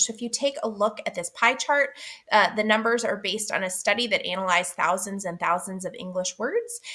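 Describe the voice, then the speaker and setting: A woman explaining reading lessons to teachers, speaking clearly and deliberately and stretching out vowel sounds as examples. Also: a little high, fairly bright tone. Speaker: literacy teacher. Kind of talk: instructional explainer.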